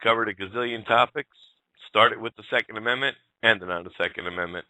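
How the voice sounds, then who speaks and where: A man's voice: on the low side, fairly quick, bright, forceful tone, dry recording. A man hosting a talk radio show, ranting bluntly and addressing his listeners as folks. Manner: blunt, fired-up, swears and addresses folks directly. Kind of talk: casual talk radio rant.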